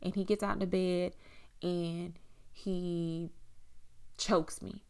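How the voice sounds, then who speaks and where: A young woman tells a personal story frankly and casually, swearing freely and leaning on "like" and "you know." Her voice is fairly low, flat, gravelly and darkish yet clean, and she speaks extremely slowly.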